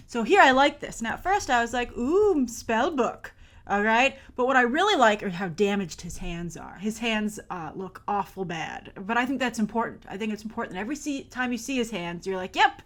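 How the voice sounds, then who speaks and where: A woman hosting a casual trailer review, chatty and enthusiastic, with quick asides and self-corrections. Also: medium pitch, a bit bright. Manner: acts out characters' thoughts in playful mock voices. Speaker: host.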